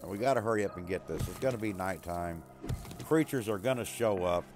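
An American man chatting casually while playing a survival game, talking to his dog and teammates and breaking into loud yelling. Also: deep voice, fairly quick, music in the background. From USA. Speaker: gamer streaming a survival game. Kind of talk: casual gameplay chat.

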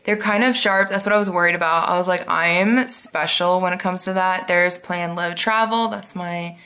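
A woman chatting through an unboxing haul, gushing and excitable, sometimes dropping to a whisper. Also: lowish voice, normal speed. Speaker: planner vlogger. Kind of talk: casual unboxing chat.

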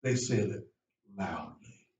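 A man preaching a sermon as a guest preacher, with lively delivery that rises to shouts and drops low for emphasis. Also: takes it slowly, slight background noise. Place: church sanctuary. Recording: echoey church room from far off.

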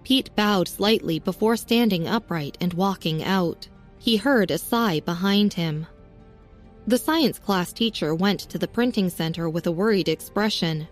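A woman reading a serialized story as narrator, with a steady, even storytelling manner. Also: on the low side, measured pace. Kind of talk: scripted audiobook narration. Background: faint music.

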